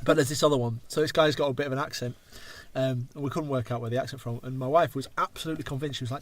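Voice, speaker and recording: Man, English accent, thirties, rambling podcast host, swears a lot, middle pitch. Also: fairly even intonation, racing, few pauses. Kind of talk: casual chat.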